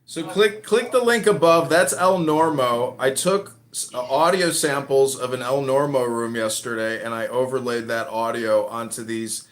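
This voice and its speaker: A man's voice: mid-range voice, steady tone, moderate pace, hardly any pauses. A man hosting a casual online audio room chat, rambling and swearing as he jumps between topics. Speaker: host.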